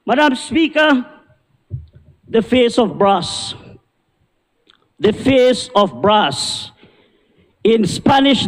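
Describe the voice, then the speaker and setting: High-voiced, indignant Belizean man in a reverberant chamber. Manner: indignant, combative, rhetorical. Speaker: member of parliament. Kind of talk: parliamentary debate speech. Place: parliament chamber. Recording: long reverb of a large chamber.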